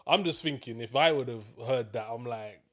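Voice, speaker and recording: A tired man talks through a film in a relaxed, slangy way. His thoughts trail off and restart as he yawns through the chat. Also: medium pitch, moderate pace. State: tired, yawning. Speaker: film review co-host. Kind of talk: casual review chat.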